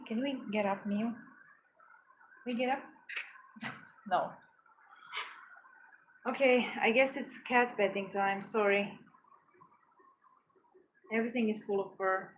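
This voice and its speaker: A woman's voice: medium pitch, fairly even intonation, slow pace, pauses often, slight background noise, poor audio. A woman vlogging at home, chatting casually and cooing affectionately to her cat while she works. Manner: cooing, affectionate pet talk.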